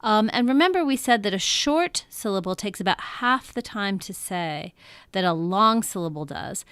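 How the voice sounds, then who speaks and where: A woman teaching a lesson in a patient, explanatory way, often pausing to check in with her listeners. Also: mid-range voice, expressive, fairly bright tone, clean tone, no echo. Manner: patient, explanatory, frequent "um" and "okay?" check-ins. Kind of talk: classroom lecture.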